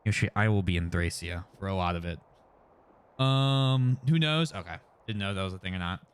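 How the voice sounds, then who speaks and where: A man's voice: deep voice, expressive, fairly quick, clear, resonant tone. A young man streaming a game, casually chatting with viewers and reading the dialogue aloud. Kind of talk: casual gameplay commentary.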